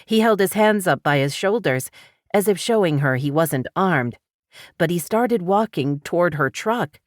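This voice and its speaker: Low-voiced woman narrating an audiobook. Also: measured pace, no room sound, clean studio sound. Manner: steady, dramatic storytelling.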